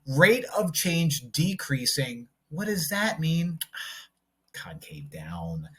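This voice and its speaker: A man's voice: medium pitch, fairly bright tone, slightly rough. A man teaching a math lesson on video, talking himself through each step as he draws graphs, with playful asides. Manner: jokey, talks to himself while working problems.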